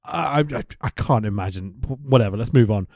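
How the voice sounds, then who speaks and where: A man co-hosting a podcast, chatting excitably, swearing a lot and laughing often. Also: on the low side, fairly quick, dry recording, studio quality. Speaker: podcast co-host. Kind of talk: casual chat.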